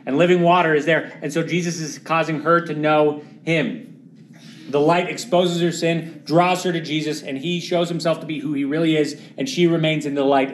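A man delivering a sermon at a middle pitch with earnest conviction. He sinks into hushed, weighty lines and then lifts into emphatic, louder passages. A faint hiss sits under the voice. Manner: earnest, swings between quiet dramatic drops and louder emphatic pushes. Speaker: preacher.

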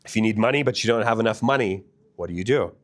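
A man's voice: fairly low pitch, fast. A man preaching a sermon as a pastor, earnest and asking the listeners direct questions.

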